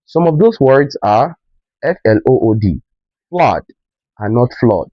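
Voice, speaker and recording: A man teaching pronunciation in a slow lesson, stressing each example word. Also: medium pitch, expressive, dry recording, highs cut off. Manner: emphatic, drawn-out example words.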